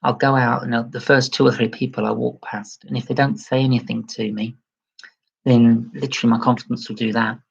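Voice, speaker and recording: Gravelly, husky man chatting on a livestream. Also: flat delivery, brisk, highs cut off. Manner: chatty and self-deprecating, gently raising his pitch toward a feminine tone. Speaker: livestream host. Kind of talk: casual livestream chat reading viewer comments.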